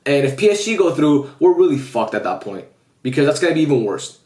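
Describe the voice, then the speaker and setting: A man's voice: a little high, big pitch swings, fast, a little mellow, echoey room. A man football fan vlogging casually to his viewers, dejected and heartbroken, swearing often as he talks straight to them. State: heartbroken after a loss. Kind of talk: casual vlog rant.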